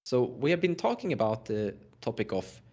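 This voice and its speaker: A man's voice: medium pitch, very animated, normal speed, a little mellow. A man with a Swedish accent in a casual podcast chat, steering the topic and cutting in to explain. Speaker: podcast guest, Commander player.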